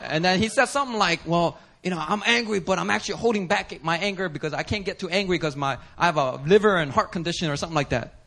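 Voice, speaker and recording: A man preaching a sermon as pastor, telling a story animatedly with laughter and sudden shouts. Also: sits high, fast, creaky, few pauses, some chatter behind. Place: church service.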